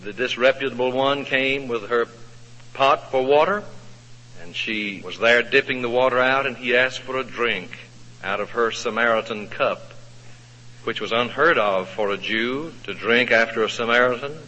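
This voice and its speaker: A male preacher telling a Bible story in a sermon, folksy and expressive, asking the congregation questions. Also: mid-range voice, moderate pace. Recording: echoey hall, dull lo-fi sound.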